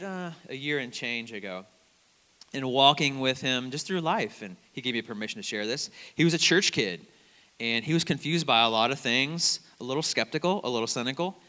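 A man preaching a conversational sermon as a campus minister, telling stories in an animated way and quoting other people's words. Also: medium pitch. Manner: conversational, animated storytelling with quoted voices. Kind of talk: sermon with storytelling. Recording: long hall reverb.

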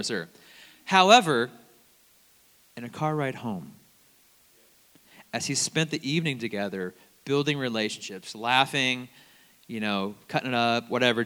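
A man preaching a conversational sermon as a campus minister, telling stories in an animated way and quoting other people's words. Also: mid-range voice. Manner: conversational, animated storytelling with quoted voices. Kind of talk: sermon with storytelling. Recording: long hall reverb.

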